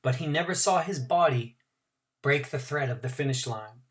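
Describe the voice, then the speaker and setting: A man's voice: mid-range voice, normal speed, fairly bright tone. A man teacher reading a novel aloud to his class, adding asides and explanations for his students.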